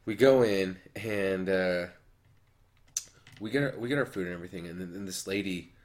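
A man's voice: deep voice, moderate pace. A young man telling stories in casual podcast chat, leaning on filler words and acting out quotes. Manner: animated storyteller, many "like" fillers, acts out quotes. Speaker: podcast co-host.

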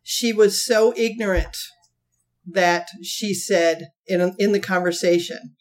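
A woman co-hosting a podcast, telling a story in a casual, animated way, laughing often and slipping into acted quotes. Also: mid-range voice, slow. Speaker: podcast co-host.

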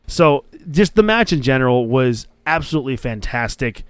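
A man's voice: medium pitch, very animated, moderate pace, clean tone, dry recording. A man hosting a podcast, retelling a match in casual chat with eager, rambling enthusiasm. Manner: enthusiastic, rambling play-by-play recap. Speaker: podcast host.

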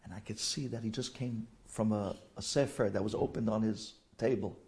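A man telling an emotional personal story in a halting way, dropping to whispers and mixing in Yiddish and Hebrew terms. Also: fairly low pitch, darkish tone.

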